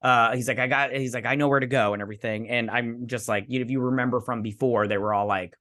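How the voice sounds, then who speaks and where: A man hosting a show, excitedly recapping an episode like a gushing fan, with lots of fillers and restarts. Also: mid-range voice, quick pace. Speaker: host.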